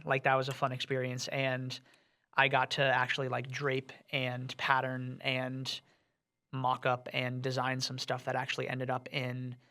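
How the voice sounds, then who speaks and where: Gravelly-voiced young man from Vermont. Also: medium pitch, pushed and bright. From Vermont, US East Coast. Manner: rambling, filled with "like". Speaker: student outreach producer. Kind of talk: casual interview chat.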